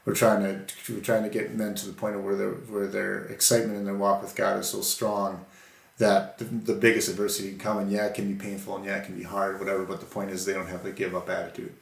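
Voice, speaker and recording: An earnest man co-hosting a casual faith-based podcast, telling stories from his own life with a gravelly edge to his voice. He sounds like he is in an echoey room. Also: lowish voice, fast. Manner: earnest storytelling, animated when quoting. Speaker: podcast co-host.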